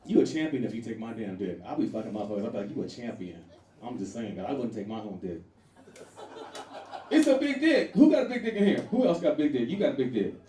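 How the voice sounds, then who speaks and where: A man performing a stand-up comedy set, loud and animated, laughing through his punchlines and jumping to sudden shrieks. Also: mid-range voice, very fast, few pauses. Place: comedy venue with a live audience. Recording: echoey room from far off with faint noise.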